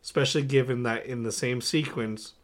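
A young man co-hosting a casual movie podcast, going through his notes with lots of "uh"s, laughing often and getting animated. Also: medium pitch, a little fast. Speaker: podcast co-host. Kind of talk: casual movie-review chat.

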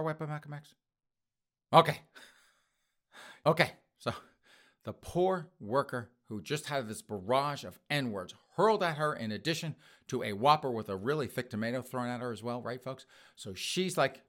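A man hosting a podcast, telling a comic story in an animated way and calling out to his listeners. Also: on the high side, brisk. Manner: animated, addresses listeners as folks. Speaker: podcast host.

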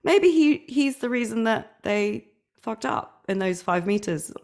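Casting: woman podcast co-host, very lively pitch, chatty and quick to laugh. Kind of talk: casual chat.

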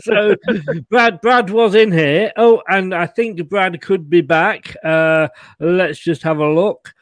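Jokey bloke hosting a fan show, highish voice, dead dry sound. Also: male voice, steady tone, takes it slowly, no echo. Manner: jokey, laughs often, teasing. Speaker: host. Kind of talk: casual chat.

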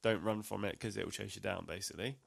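A man's voice: on the low side, steady tone, fast talker, vocal fry. A man co-hosting a podcast, chatting casually, rambling and unsure of his facts, with dry jokes. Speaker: podcast co-host. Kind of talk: casual comedic chat.

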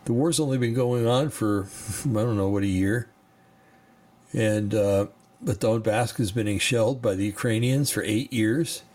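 A man with a fairly low voice hosts a podcast in a casual monologue. He sounds sleepy and worn out, with plenty of pauses and fillers as he reads articles aloud. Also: darkish tone, slight background noise. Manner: tired, halting, many fillers and pauses. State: sleepy, yawning. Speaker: podcast host.

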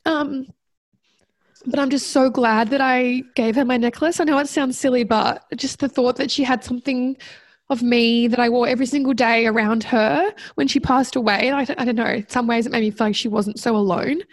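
A woman guest recounting a personal story in conversation, reflective and halting, with many fillers and restarts. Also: fairly high pitch, steady tone, no room sound.

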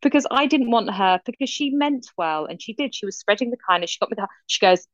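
A middle-aged woman, co-hosting a casual chat and telling stories with lively quoted voices. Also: a little high, quick pace, hardly any pauses, no room sound, highs cut off. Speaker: podcast co-host.

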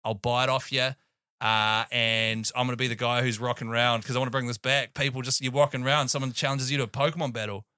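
A man, co-hosting a podcast in excitable, jokey casual chat. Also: medium pitch, fast talker, smooth, no room sound, studio quality. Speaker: podcast co-host.

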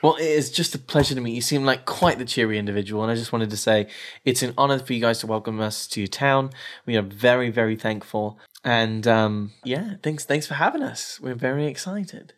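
A man's voice: medium pitch, a little fast. A man playing a tabletop role-playing game, speaking in character with a showy, ostentatious manner. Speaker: player.

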